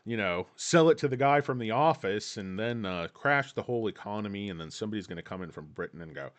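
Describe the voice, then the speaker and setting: Give me a low-voiced man reading through market news and wandering off into jokes. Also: expressive, fast talker, hardly any pauses. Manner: rambling, joking, reads articles aloud with asides. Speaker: stock market commentator. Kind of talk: casual video commentary.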